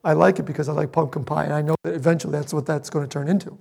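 Gravelly high-voiced male preacher. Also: steady tone, very fast. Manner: emotional, swings between loud emphasis and hushed asides. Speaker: pastor. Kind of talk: sermon with personal storytelling.

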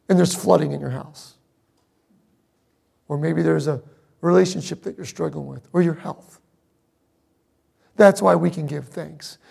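A middle-aged man preaching a sermon, telling a personal story with emotion, moving between loud emphasis and hushed asides. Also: fairly high pitch, vocal fry, breathy edge. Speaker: pastor.

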